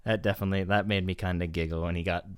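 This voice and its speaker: A man's voice: sits low, little pitch movement, racing, clean tone, no echo. A male podcast host recapping an episode in casual chat, swearing, laughing often and acting out the characters' lines.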